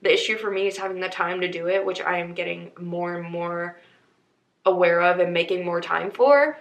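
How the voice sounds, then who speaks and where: A woman's voice: on the low side, moderate pace, creaky, roomy sound, low-quality recording. A young woman in her twenties hosting a podcast, chatting casually and upbeat, speaking straight to her listeners. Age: 20s. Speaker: podcast host. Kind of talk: casual chat.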